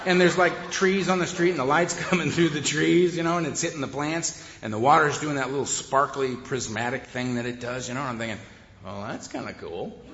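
A man shares his story at a recovery meeting, wry and conversational and often laughing. His voice is bright and a bit raised. It echoes through a hall with a long reverb, and the sound is dull. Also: a little high, steady tone, brisk, few pauses, slight background noise. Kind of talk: humorous personal storytelling.

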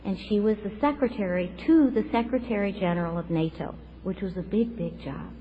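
A woman's voice: medium pitch, fairly quick. A woman in her fifties telling her recovery story in an earnest, reflective way, tearful at times. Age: 50s. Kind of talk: personal testimony at a recovery meeting. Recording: dull lo-fi recording with faint noise.

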